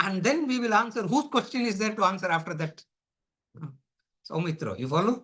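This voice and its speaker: A man's voice: high-pitched, expressive, fairly bright tone, breathy edge. Man teaching with playful questions. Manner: playful, rhetorical questions, frequent laughs; drawn-out chanting of Sanskrit words. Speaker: Vedanta teacher. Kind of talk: lecture.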